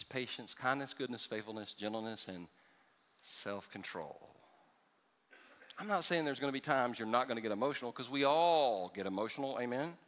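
A male pastor preaching a sermon, joking with the congregation and dropping from loud exclamations to hushed asides. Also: medium pitch. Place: church sanctuary before a congregation. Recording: church hall with long reverb.

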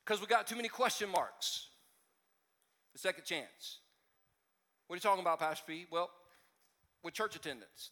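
A man's voice: sits high, bright, forceful tone, long reverb tail. A male pastor preaching a conversational sermon, joking and stumbling over restarts as he talks to his congregation. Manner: conversational and self-deprecating, with frequent restarts and asides. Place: church sanctuary.

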